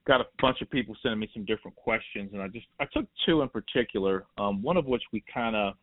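A man hosting a casual interview, asking questions in a relaxed way with a few "um" fillers. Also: on the low side, fast talker, dry recording. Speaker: podcast host, interviewer. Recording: phone-like line.

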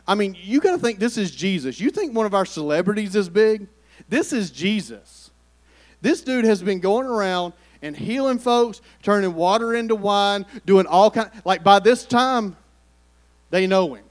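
High-voiced preacher. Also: male voice, animated, normal speed. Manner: conversational, calls on the congregation to respond. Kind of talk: sermon.

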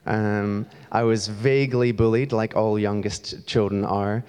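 A man's voice: fairly low pitch, fairly even intonation, measured pace, darkish tone, smooth. A young man from Scotland giving a chatty, self-deprecating sermon in a church, moving around as he talks. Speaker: church staff member preaching. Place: church hall. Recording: long hall reverb.

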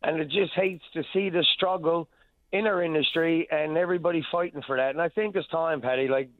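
A man from Newfoundland calling in to a radio show, earnest and halting, repeating words as he talks. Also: on the high side, fairly even intonation. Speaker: caller. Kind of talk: phone-in call. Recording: tinny phone line.

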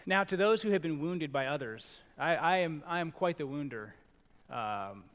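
A middle-aged male pastor preaching a sermon in a conversational, animated way, acting out little quoted lines. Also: a little high, normal speed. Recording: long reverb in a large hall.

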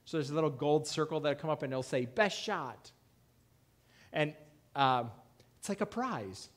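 A male pastor preaching a conversational sermon, acting out quoted lines with a raised, louder voice. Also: expressive, normal speed. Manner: conversational preaching, acts out quoted voices with rising pitch and loudness. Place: church.

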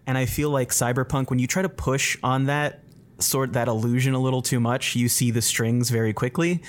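A man's voice: medium pitch, steady tone, normal speed. A man in a casual conversation, talking thoughtfully and hedging his points. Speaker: guest. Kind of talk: casual chat.

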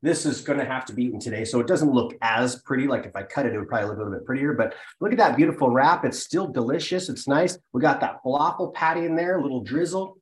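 A man's voice: medium pitch, fast, hardly any pauses. Eager male guest, mid-range voice, roomy echo around him. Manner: enthusiastic, talks while eating. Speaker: cooking show guest. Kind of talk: casual chat.

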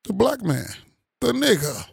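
Gravelly, blunt-talking man. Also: high-pitched, a little slow, no echo, clean studio sound. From Chicago area. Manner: blunt, profane, gets loud and animated. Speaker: panel commentator. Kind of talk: casual political chat, heated.

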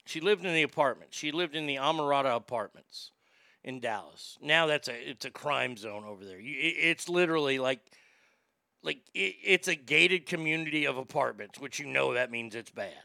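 Gravelly, profane man telling family stories. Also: medium pitch, expressive, normal speed, pushed and bright, no room sound. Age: adult. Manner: candid, profane, rambling. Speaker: storyteller. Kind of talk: casual storytelling to a familiar audience.

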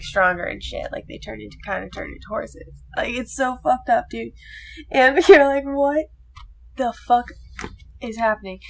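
A young woman chatting casually and recounting a film in a loose, rambling way. She swears freely and leans heavily on filler words, with a pitch in the middle range. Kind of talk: casual chat retelling a movie plot.

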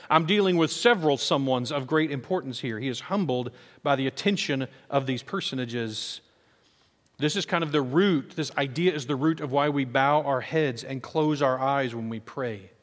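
A pastor preaches a sermon, telling stories in an animated way and acting out the voices of the people he quotes. His voice is medium-pitched, and the recording has a big-room sound.

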